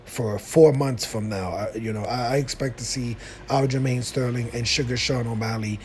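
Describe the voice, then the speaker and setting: A man of middle pitch talks loosely on his own, circling back and restarting his sentences as he goes. A faint noise sits under the recording. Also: fairly even intonation, moderate pace, a little mellow. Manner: rambling, many fillers and restarts. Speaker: YouTube commentator. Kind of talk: casual solo commentary.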